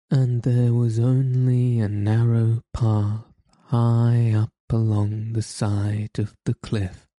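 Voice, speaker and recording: Male storybook narrator, mellow and low, flat steady read, dry close sound. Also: no room sound. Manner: steady, measured read-aloud delivery.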